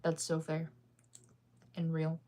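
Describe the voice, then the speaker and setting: Chatty young woman, slightly low voice. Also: monotone, slow pace, warm tone, slight background noise. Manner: chatty, laughs often, sings snippets off-key. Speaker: livestreamer reading comments. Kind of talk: casual chat with viewers.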